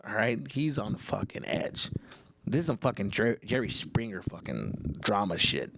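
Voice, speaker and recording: Thirties dude telling a story on his podcast, swears a ton, voice jumps all around, bright and dry. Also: fairly low pitch, moderate pace, vocal fry, no room sound. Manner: profane, animated, loose. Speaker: podcast host. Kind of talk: casual storytelling.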